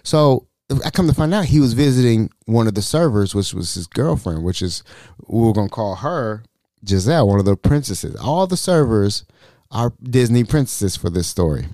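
A man in his thirties tells a story on his podcast in a warm, relaxed voice. His pitch jumps all over as he acts out every quote. The close mic sounds dry. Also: normal speed, no room sound. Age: 30s. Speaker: podcast host. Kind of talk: casual storytelling.

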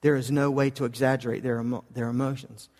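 A man preaching a sermon, telling a Bible story in an animated way with frequent stammered repeats. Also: medium pitch, fast talker. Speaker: pastor. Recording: echoey hall with long reverb.

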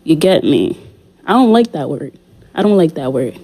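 Low, mellow-voiced woman podcast host. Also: big pitch swings, moderate pace, slightly rough. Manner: playful, repeats phrases, talks to listeners directly. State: a little out of breath. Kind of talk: casual podcast monologue. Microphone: studio condenser mic.

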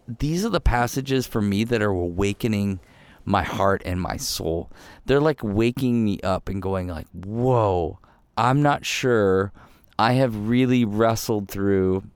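A man preaching a sermon in a conversational, animated way, often voicing quick asides and quoted reactions. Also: fairly low pitch, clear, resonant tone, no room sound. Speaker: pastor.

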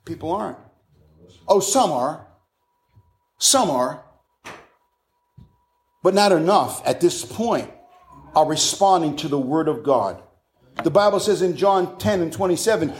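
A man's voice: fairly high pitch, expressive, measured pace, pauses often. A middle-aged man from the United States preaching a sermon, fervently quoting scripture and repeating his points for emphasis.

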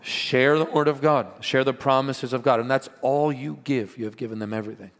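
A man preaching a sermon as pastor, earnest and animated, mixing stories and asides with scripture. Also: medium pitch, brisk. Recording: long hall reverb.

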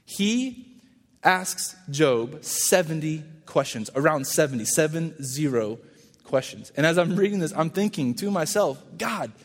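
A man pastor giving a casual, conversational sermon and acting out quoted lines in lively voices. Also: a little high, a little slow, in a large hall.

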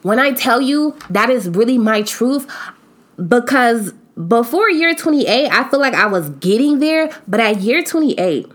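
A woman's voice: fairly high pitch, expressive, unhurried. A woman in her late twenties hosting her own podcast, talking to her listeners in a candid, reflective monologue. She speaks emphatically and expressively, in casual slang. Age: 20s. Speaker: podcast host.

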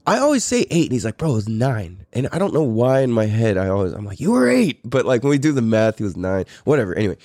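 Animated rambling man from California. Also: on the low side, quick pace, hardly any pauses, no echo, studio quality. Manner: loose and profane, rambling with restarts, laughs often. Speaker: podcast host. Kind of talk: casual storytelling.

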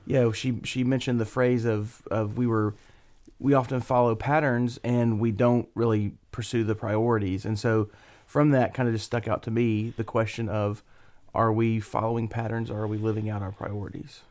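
A man's voice: on the low side, level tone, moderate pace, a little mellow. Easygoing man co-hosting a podcast. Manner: easygoing, agreeable, lots of brief affirmations. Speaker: podcast co-host. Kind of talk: casual chat.

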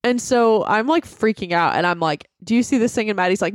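A young woman co-hosting a podcast, telling a story in casual chat, animated and profane, acting out quotes. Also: mid-range voice, quick pace, hardly any pauses, no echo, clean studio sound. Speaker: podcast co-host.

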